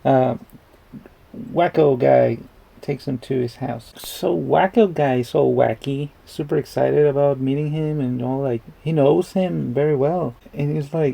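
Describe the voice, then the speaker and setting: A man's voice: mid-range voice, measured pace, creaky, mellow, husky, low-quality recording. A man giving rambling, casual commentary while reacting to a movie, chuckling and swearing freely.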